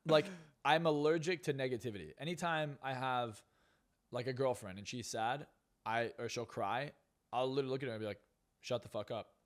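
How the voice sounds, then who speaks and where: A man's voice: mid-range voice, brisk. A man on a podcast talking bluntly and profanely, ranting with strong opinions. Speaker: podcast guest. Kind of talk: casual podcast talk.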